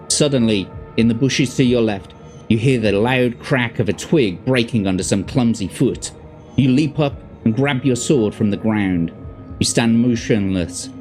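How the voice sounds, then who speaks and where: A man with a Birmingham accent reads a fantasy gamebook aloud to a live stream audience, his voice sitting at an ordinary mid pitch. He keeps it casual, pausing to chat and correct himself along the way. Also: darkish tone. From Birmingham, England. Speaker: host reading a gamebook on stream.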